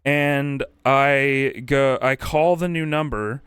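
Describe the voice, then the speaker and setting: A man's voice: medium pitch, takes it slowly, a bit bright, clean tone, no echo, studio quality. A man streaming, telling a rambling, profane anecdote in casual chat and acting out quotes. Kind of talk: casual storytelling on a livestream.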